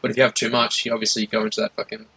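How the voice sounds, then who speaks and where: A man's voice: fairly low pitch, level tone, very fast, sharp tone, breathy edge, low-quality recording. An Australian man chatting casually, hesitant and laid-back, swearing in passing. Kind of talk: casual chat.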